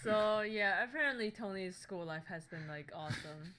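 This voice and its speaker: Woman on a casual podcast, bright voice, blunt tough-love talk, swears a lot. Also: medium pitch, animated, normal speed. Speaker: podcast co-host. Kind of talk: casual chat.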